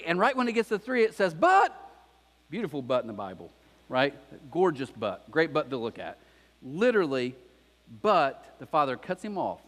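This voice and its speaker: A male pastor delivers a sermon with a high voice that swoops up and down as he tells the story. He drops into little acted-out voices for the characters. His voice carries a long reverb from a large church hall. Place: church auditorium.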